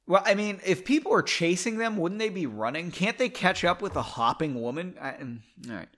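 Male author, reads his book and rambles, lively pitch, slightly high voice. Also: brisk, few pauses. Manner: rambling, self-deprecating asides. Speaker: author reading his novel. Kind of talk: audiobook reading with casual asides.

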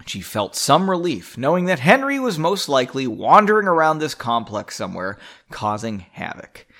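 A man reads his own fantasy chapter aloud, then drifts into loose, self-mocking commentary. His voice sits mid-pitch and swings up and down lively as he talks, and he breaks into laughter at his own writing. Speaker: author reading his own story. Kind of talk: casual storytelling with rambling commentary.

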